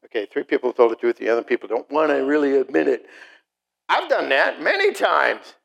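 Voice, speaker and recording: A middle-aged man preaching a sermon to a congregation, animated, acting out short mocking voices and asides. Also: mid-range voice, a little fast, creaky, muffled recording. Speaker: pastor.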